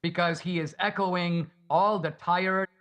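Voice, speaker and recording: A man's voice: high-pitched, steady tone, unhurried, a bit bright. A man arguing in a debate, lecturing and asking rhetorical questions. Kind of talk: debate argument.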